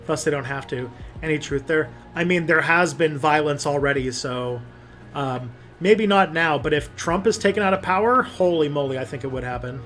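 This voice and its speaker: A man's voice: fairly high pitch, moderate pace, fairly bright tone, faint music behind. A young man hosting a casual livestream, reading viewer comments and rambling with many fillers and restarts. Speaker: livestream host.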